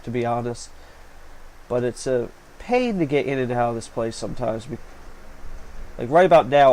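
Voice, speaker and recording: A man's voice: mid-range voice, gravelly, a little mellow, low-quality recording. Chatty man narrating his own video. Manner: rambling, chatty, many fillers. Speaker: vlog host. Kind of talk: casual voice-over narration. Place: small hot room with a fan running. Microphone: home recording setup. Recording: faint fan noise.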